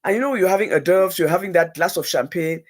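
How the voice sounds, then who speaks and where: A woman telling an emotional personal story as a talk-show guest, animated and repeating phrases for emphasis. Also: on the low side, fast.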